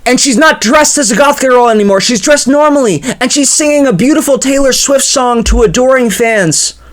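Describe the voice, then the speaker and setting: A man with a high speaking voice tells an improvised comedy story, rambling and stammering as he goes. He repeats words and fills gaps with loose fillers. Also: normal speed, fairly bright tone.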